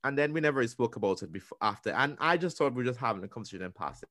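A young man co-hosting a podcast, chatting in a lively way, acting out what people said and restarting his sentences. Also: mid-range voice, very fast, no room sound, studio quality. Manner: animated storytelling, acting out quotes with restarts. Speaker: podcast co-host. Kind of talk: casual interview chat.

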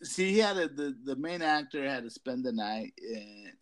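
A man co-hosting a podcast in casual chat, swearing constantly and giggling through animated stories. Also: medium pitch, normal speed. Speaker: podcast co-host.

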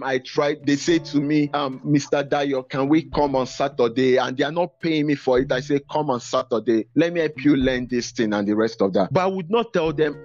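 A man, a teacher and podcaster, talking in an interview in a measured, reflective way, stressing his points. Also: mid-range voice, highs cut off. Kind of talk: interview guest, earnest storytelling.

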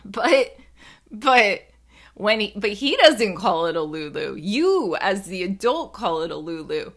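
A woman's voice: medium pitch, sing-song, a little slow, fairly bright tone. A young woman from New Jersey telling a rambling, casual story in a chatty, profane way, full of fillers.

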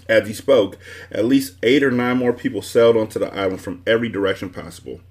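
A man hosting a book club podcast, reading a children's book aloud with expressive storytelling. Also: sits low, brisk. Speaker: book club host and reader.

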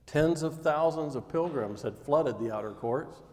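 A man preaching a sermon, retelling scripture as lively storytelling and acting out scenes with rising intensity. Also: a little high, unhurried. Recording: long hall reverb.

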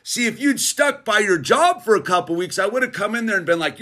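A middle-aged man hosting his own channel, giving a casual motivational monologue in a slangy, laid-back way, speeding up and slowing down for emphasis. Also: high voice. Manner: laid-back slangy, keeps saying "dude"; animated, swings between fast bursts and slow emphasis. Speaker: channel host.

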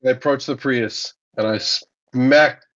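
A man speaking deadpan in character during a tabletop game, with a plain mid-range voice. The sound is dull and lo-fi. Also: medium pitch, slow pace. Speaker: player. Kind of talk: in-character banter.

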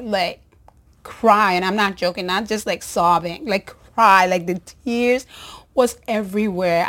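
Casting: unhurried woman nurse host, heartfelt rambling storyteller, breathy asides. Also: medium pitch. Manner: emotional, warm-hearted, rambling with restarts and soft laughs. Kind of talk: personal storytelling to an audience.

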